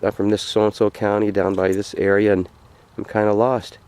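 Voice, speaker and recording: A man's voice: fairly low pitch, flat delivery, moderate pace, a little mellow, a little hiss or hum, lightly acted. A man voicing a plain-spoken rural hunter, earnest and folksy, devoted to his dog. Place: outdoors by a frozen lake.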